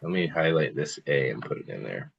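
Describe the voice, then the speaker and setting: A man's voice: extremely low pitch, animated, brisk, creaky, husky, dull audio. A man teaching an online group language lesson over a computer, patiently explaining and repeating phrases for students to copy. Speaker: Spanish teacher.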